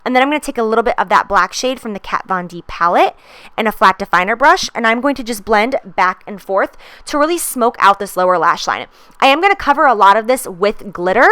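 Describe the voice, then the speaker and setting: A woman's voice: medium pitch, pushed and bright, smooth, no echo. A woman in her twenties narrating a makeup tutorial in a chatty, gushing way. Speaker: beauty vlogger.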